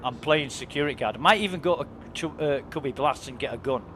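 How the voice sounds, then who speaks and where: A man's voice: medium pitch, quick pace, sharp tone, a little hiss or hum. A man chatting casually and enthusiastically while streaming a game, swearing freely. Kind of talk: casual chat while gaming.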